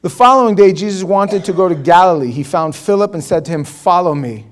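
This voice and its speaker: A male pastor preaches in an animated, joking way, teaching verse by verse and acting out the scenes. His voice is high for a man and lively in delivery. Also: quick pace.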